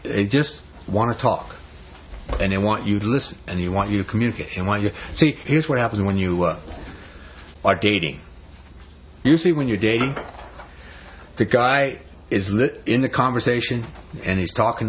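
A man's voice: fairly low pitch, fairly quick. A man giving a folksy, conversational sermon to a live audience, often repeating himself for emphasis. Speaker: speaker on marriage. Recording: dull muffled recording, faint hiss.

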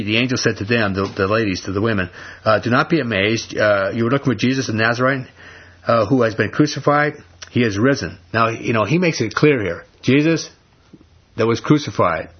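A man's voice: mid-range voice, husky, highs cut off. A man preaching a sermon, blunt and emphatic, with casual slang mixed in. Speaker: pastor.

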